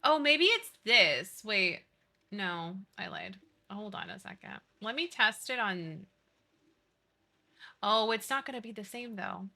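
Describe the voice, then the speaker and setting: A woman's voice: mid-range voice, animated, slow pace, gravelly, sharp tone. A young woman streaming live, chatting casually, swearing freely and apologizing as she fiddles with her settings.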